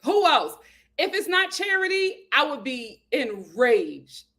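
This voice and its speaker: A woman hosting a casual live stream, greeting viewers by name and reading their comments aloud with sassy, lively chatter. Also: high voice, slow pace. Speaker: host of a live show. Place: home in Los Angeles.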